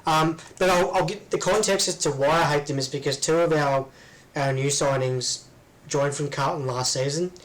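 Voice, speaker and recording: Co-host: Australian man, slightly higher voice, talkative, meandering. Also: steady tone, moderate pace, low-quality recording. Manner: rambling, full of ums and restarts. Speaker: podcast co-host. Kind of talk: casual chat.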